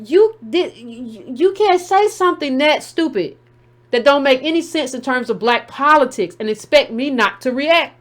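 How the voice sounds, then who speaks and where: A woman host with a high-pitched voice and talks back to a caller. She is blunt and combative and repeats herself to keep the floor. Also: expressive, normal speed. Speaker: show host taking calls. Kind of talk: heated call-in show commentary.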